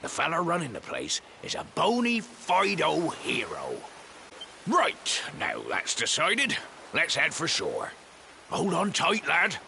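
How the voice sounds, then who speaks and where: An actor voicing a folksy, kindly old fisherman in a video game, with a gravelly, rustic way of speaking. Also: on the high side, huge pitch swings, takes it slowly, pushed and bright, slight background noise, exaggerated voice. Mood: friendly. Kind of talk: game voice acting. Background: game music.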